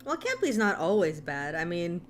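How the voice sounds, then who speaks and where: A woman's voice: on the low side, huge pitch swings, normal speed, soft background music. A young woman with an American accent, chatting casually and self-deprecatingly while she draws on a stream, sometimes talking through a mouthful of food. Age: young adult. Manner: talks while eating. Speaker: artist streaming while drawing. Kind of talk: casual chat.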